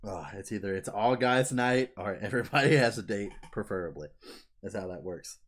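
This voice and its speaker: Profane, animated young man co-hosting a podcast. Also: lowish voice, brisk. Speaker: podcast co-host. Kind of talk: casual chat.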